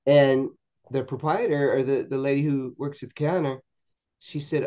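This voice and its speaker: A man with a mellow, relaxed voice tells a story as a podcast guest. He talks haltingly, repeating words and restarting. The sound is a little dull and lo-fi. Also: mid-range voice. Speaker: podcast guest, paranormal investigator. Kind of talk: storytelling anecdote in a podcast interview.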